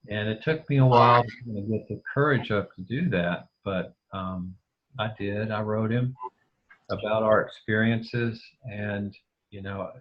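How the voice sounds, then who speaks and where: Man, interview guest, lowish voice, halting speech, muffled lo-fi call audio. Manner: hesitant, many restarts and fillers. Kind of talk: casual conversation over a video call. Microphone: video call.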